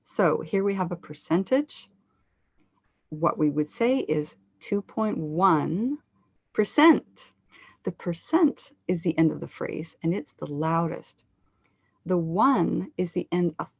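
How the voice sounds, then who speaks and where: Gravelly low woman teaching pronunciation. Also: darkish tone, no echo. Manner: slow deliberate stress on numbers for teaching. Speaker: pronunciation coach presenter. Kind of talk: scripted webinar presentation. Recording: dull lo-fi dry recording.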